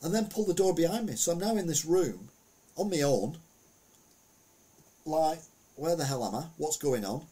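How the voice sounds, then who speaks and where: A man's voice: on the high side, expressive, moderate pace, dark tone, husky. A man giving a casual, rambling commentary on the week's news, full of anecdotes and asides.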